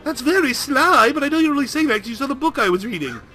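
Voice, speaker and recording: A prissy, easily flustered mother with a high, piping voice, as a man puts her on for a game playthrough. She talks in a bright, thin tone, her words clipped and proper. Her indignation and her gushing both come out in that same pinched register. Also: animated, quick pace, faint music behind, exaggerated voice. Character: prim fussy middle-aged mother, knitting on a train.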